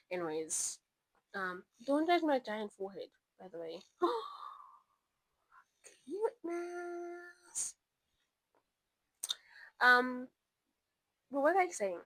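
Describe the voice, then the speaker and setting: A woman's voice: a little high, no echo, rough recording. Chatty young woman with a dry close sound. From South Africa. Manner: chatty, rambling, animated asides. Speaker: book vlogger. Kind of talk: casual chat.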